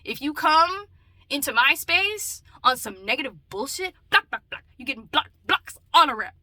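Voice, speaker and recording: Woman vlogger, bright voice, on the high side, chatty, loud bursts and muttered asides. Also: expressive, normal speed. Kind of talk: casual talking-to-camera vlog.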